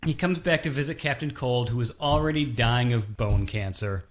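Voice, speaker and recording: A man's voice: mid-range voice, moderate pace. Wry male podcast co-host. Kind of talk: casual chat.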